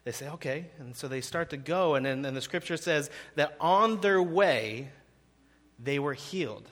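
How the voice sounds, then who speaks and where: A man's voice: on the high side, normal speed, fairly bright tone. A man in seminary giving a conversational sermon with frequent fillers, in a reverberant hall. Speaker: seminary student preaching.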